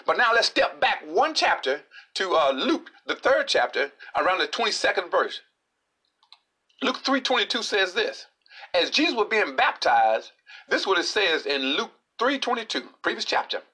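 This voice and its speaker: A man delivering a sermon in a bright, high voice. His pitch swings widely, soaring and dropping, and he often restarts phrases as he reads scripture. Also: big pitch swings, moderate pace, husky. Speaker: preacher.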